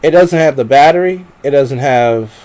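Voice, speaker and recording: A man's voice: medium pitch, moderate pace, a little mellow, clean tone. Rambling man live streaming at his desk. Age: adult. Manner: meandering, talks to himself, laughs often.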